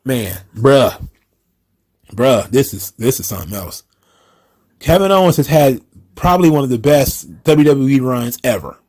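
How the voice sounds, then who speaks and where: A man's voice: medium pitch, lively intonation, a little slow, long pauses, a little mellow. A man hosting his own wrestling commentary, ranting casually in a profane, incredulous, repetitive way.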